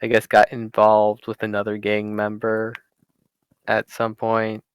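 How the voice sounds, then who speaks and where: A man narrating as game master in a tabletop game over voice chat, halting and full of fillers. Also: fairly low pitch, monotone, clear, resonant tone, no echo. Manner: halting, many fillers and restarts.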